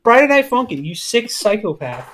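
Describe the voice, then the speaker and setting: Rambly guy w/ a pretty high voice on a group call, swears some. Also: very animated, normal speed, crowd noise. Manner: rambling, restarts a lot, swears casually. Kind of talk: casual chat on a group call. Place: online voice call.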